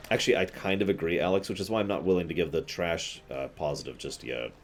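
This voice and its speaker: A man's voice: sits low, fast talker, faint music behind. A man streaming a video game, giving casual commentary with chatty, offhand asides.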